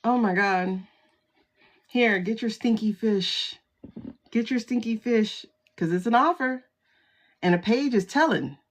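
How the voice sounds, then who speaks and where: A woman reading tarot cards live into a phone, and she takes her time, drawing her words out at an unhurried pace. She is chatty and exclamatory and greets her viewers by name between cards. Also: a little high. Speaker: tarot reader livestream host. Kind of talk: casual livestream tarot reading.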